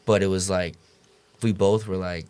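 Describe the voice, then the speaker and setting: A man's voice: deep voice, steady tone, normal speed, a little mellow, clear, resonant tone. Young man, slangy and profane storytelling. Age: young adult. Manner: rambling slang, heavy swearing, many fillers like "you know what I'm saying". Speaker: podcast guest, college basketball player. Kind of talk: casual interview chat.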